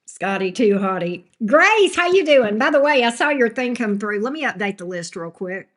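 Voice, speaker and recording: A woman's voice: fairly high pitch, sing-song, normal speed. An older woman hosting a live tarot stream, chatty and blunt, greeting viewers by name. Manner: chatty, talks straight to chat viewers by name; blunt and sassy. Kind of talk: casual live-stream chat.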